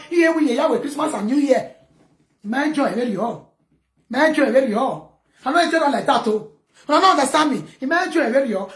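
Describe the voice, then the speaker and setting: Nigerian woman, high voice, echoey room, loud scolding rant. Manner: loud, scolding, mixes Pidgin and local words. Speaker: vlogger. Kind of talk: ranting commentary to camera.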